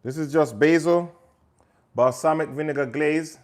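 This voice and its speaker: A man's voice: fairly high pitch, unhurried, a little mellow. A man hosting a live cooking stream, chatting to viewers while he cooks and slipping into patois now and then. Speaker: cooking show host. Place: home kitchen.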